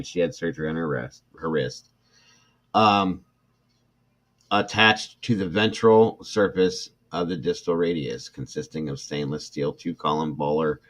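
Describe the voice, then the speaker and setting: A middle-aged man with a low voice hosts a true crime livestream, and the recording sounds muffled. He reads a report aloud and reacts emotionally and with irritation, addressing his chat viewers by name.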